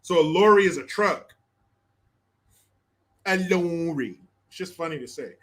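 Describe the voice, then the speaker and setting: A man's voice: fairly high pitch, animated, fast talker, a bit bright. An American man hosting a livestream. He reads chat comments aloud with crude, laughing, mocking banter. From United States. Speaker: host.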